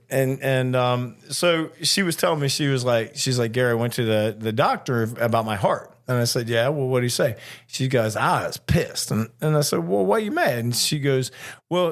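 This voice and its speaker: An older man co-hosting a casual chat as a flight attendant, telling stories, laughing often and swearing casually. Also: medium pitch. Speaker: podcast co-host, flight attendant.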